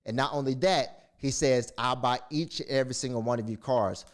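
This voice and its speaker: A man's voice: medium pitch, fairly quick. Man telling a story, lots of fillers. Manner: storytelling, retelling quotes with many fillers and restarts. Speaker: motivational speaker. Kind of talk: casual monologue.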